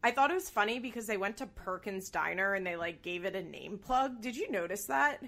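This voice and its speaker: A woman's voice: medium pitch, brisk, gravelly. Chatty woman podcaster, lots of "like". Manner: chatty, animated, swears casually, laughs often. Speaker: podcast co-host. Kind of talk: casual chat recapping a reality show.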